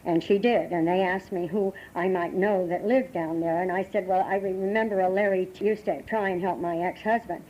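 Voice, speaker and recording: An older American woman sharing her recovery story at a meeting, halting and emotional, with many restarts, on a dull lo-fi tape from the 1980s. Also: fairly low pitch, steady tone, a little mellow, a little hiss or hum. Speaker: AA meeting speaker. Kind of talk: personal recovery talk.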